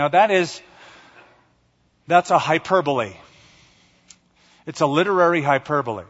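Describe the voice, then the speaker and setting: A man preaching a sermon, emphatic and storytelling, with dramatic pauses. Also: on the high side, fairly bright tone, slightly rough. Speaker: pastor. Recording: echoey hall, dull lo-fi sound.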